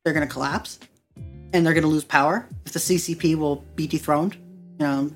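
A woman's voice: low voice, fairly even intonation, brisk, soft background music. A woman from the United States, a podcast guest, talking in a blunt, sarcastic way. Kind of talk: casual chat.

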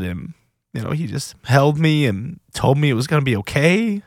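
A man hosting a personal recovery podcast, speaking in an earnest, halting, confessional way, emotional and near tears. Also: medium pitch, very animated, no echo, studio quality. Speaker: podcast host.

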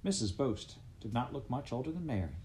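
A man narrating an audiobook in a gentle, steady storytelling manner. His voice sits at an ordinary pitch, with faint hiss behind it. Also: fairly quick, low-quality recording. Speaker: audiobook reader. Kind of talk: scripted narration.

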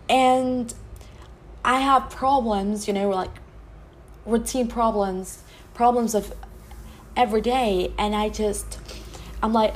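A woman hosting a podcast, talking earnestly and from the heart in a personal monologue, often halting and restarting her sentences. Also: medium pitch, steady tone, a little hiss or hum. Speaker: podcast host.

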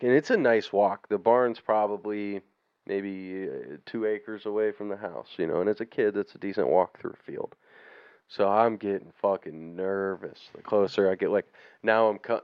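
Man with a low, resonant voice, swearing freely as he rambles through a story on a podcast, recorded dry and dull. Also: clean tone, no room sound. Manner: profane, rambling, laughs through his story. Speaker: podcast co-host. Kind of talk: casual storytelling chat.

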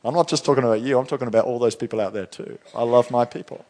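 A man's voice: medium pitch, very fast, a little mellow. A middle-aged male pastor preaching a sermon in church, talking in a conversational, storytelling way with frequent restarts.

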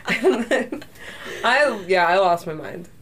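A woman with an American Southern accent co-hosting a podcast in casual chat, playful and self-mocking and quick to laugh. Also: medium pitch, lively intonation, fairly bright tone, slight background noise. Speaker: podcast co-host.

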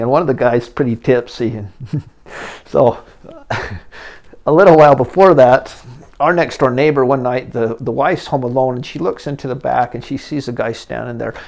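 A middle-aged man hosting a podcast, telling candid personal stories in a rambling way that gets animated as he goes. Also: mid-range voice, vocal fry. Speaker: podcast host. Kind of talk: personal storytelling monologue.

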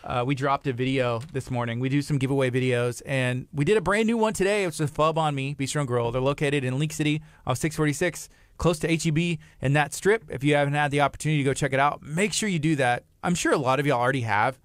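A man's voice: mid-range voice, quick pace, few pauses, no room sound, studio quality. A middle-aged man, hosting a local talk show in a chatty, friendly way. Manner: friendly, chatty, laughing often. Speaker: host. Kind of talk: casual chat.

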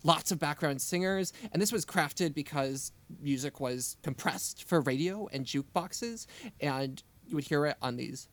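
Here a male podcast co-host keeps a measured pace, his voice a touch high. In a relaxed music chat, he enthusiastically dissects melodies and how songs are arranged, leaning on plenty of "um" and "like" fillers as he analyzes.

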